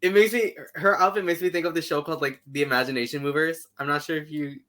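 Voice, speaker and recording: A man's voice: a little high, fairly even intonation, fast talker, a bit bright. A man from Canada co-hosting a podcast, chatting casually, using lots of fillers and laughing often. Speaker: podcast co-host. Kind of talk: casual chat.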